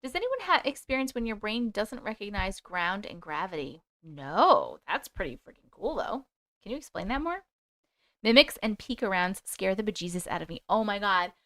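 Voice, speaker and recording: Speaking at a normal speed, a woman with a mid-range, slightly bright voice swings widely in pitch. She's hosting a casual livestream, reading viewer stories aloud, replying to comments and singing the odd snatch of a song.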